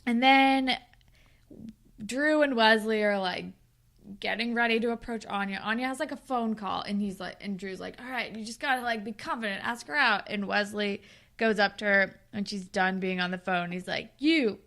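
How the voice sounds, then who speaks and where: A young woman co-hosting a podcast, casually recapping a TV episode and acting out the characters' lines in quick impressions. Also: medium pitch, fairly bright tone. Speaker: podcast co-host.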